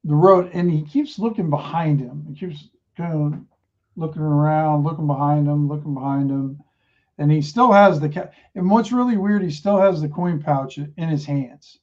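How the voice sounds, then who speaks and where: A man's voice: a little high, normal speed, a little mellow, muffled recording. A man narrating as game master of a tabletop game, teasing the player. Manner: teasing, laughs easily.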